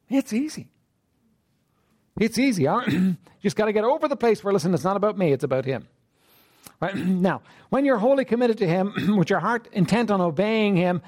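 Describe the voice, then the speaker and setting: A man preaching a sermon in a conversational style, asking his listeners "right?" again and again and often clearing his throat. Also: high voice, a little mellow. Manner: conversational preaching with frequent "right?" and "you know what?". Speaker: pastor.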